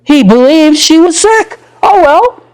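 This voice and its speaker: An older man, a psychologist, giving an animated storytelling lecture. He laughs often and acts out the quotes in his stories. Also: very high-pitched, takes it slowly, rough recording.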